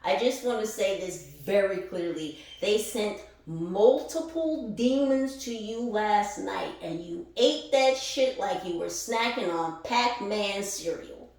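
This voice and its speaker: A woman's voice: mid-range voice, expressive, slow pace, few pauses, darkish tone, heavy reverb, low-quality recording. A woman giving a casual spiritual reading, exuberant and profane, laughing often as she talks. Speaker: spiritual reader.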